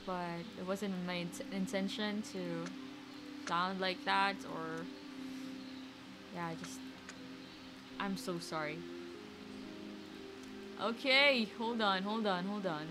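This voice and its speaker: A woman's voice: on the low side, low-quality recording. A woman, chatting and reacting aloud as she streams a card game from home. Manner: chatty, excitable, reacts aloud to each play. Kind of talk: live gameplay commentary.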